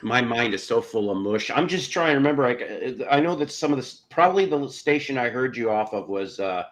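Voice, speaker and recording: A man's voice: mid-range voice, lively intonation, brisk. A man guest chatting casually, rambling and self-mocking with plenty of swearing. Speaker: guest, show host. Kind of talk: casual chat.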